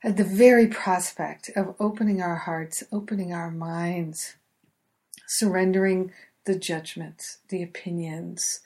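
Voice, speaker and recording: A woman leading a guided spoken prayer in soft, affirming, repetitive phrases, with gentle laughter between them. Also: on the low side. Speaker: prayer leader.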